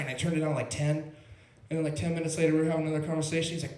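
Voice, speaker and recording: A man's voice: on the high side, steady tone, rapid-fire, darkish tone. A young man doing stand-up at an open mic in a small club, telling a rambling, laid-back story full of "like" and "bro". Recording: roomy club sound.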